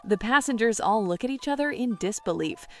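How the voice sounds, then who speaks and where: A woman's voice: on the high side, lively intonation, a little fast, darkish tone, soft background music. A woman narrating jokes in a scripted, storytelling style, lifting her voice for quoted characters. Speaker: joke narrator.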